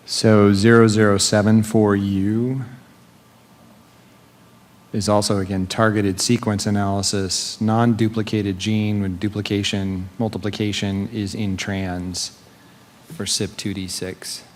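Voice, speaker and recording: A man's voice: lowish voice, little pitch movement, measured pace. A man on an advisory panel, reading out agenda items in a plain, matter-of-fact way, recorded in an echoey meeting room. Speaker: panel member.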